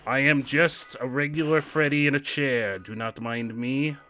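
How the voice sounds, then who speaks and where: A man voicing a boisterous male pirate who growls "arr" and boasts loudly during livestream gameplay banter. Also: medium pitch, fairly even intonation, measured pace. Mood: swaggering.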